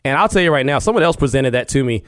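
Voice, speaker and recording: Racing along in an animated, medium-pitched, slightly bright voice, a Texas man hosts a casual sports podcast monologue from his home studio. He is earnest, restarts often and laughs easily, and the studio-quality sound has no room tone.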